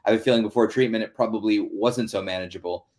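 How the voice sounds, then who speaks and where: A man's voice: on the low side, fast talker, a little mellow. A man hosting an online town hall, talking in an earnest, chatty way with many fillers over a video call. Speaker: host.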